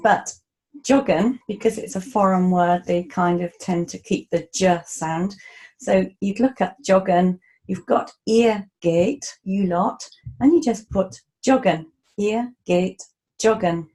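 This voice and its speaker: A woman teaches German in a relaxed, patient way, pausing for casual asides. She speaks slowly, and her voice is mellow and warm. She comes across as an unhurried tutor. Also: mid-range voice, rough recording. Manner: slow, patient explanations with casual asides and fillers. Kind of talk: relaxed spoken language lesson.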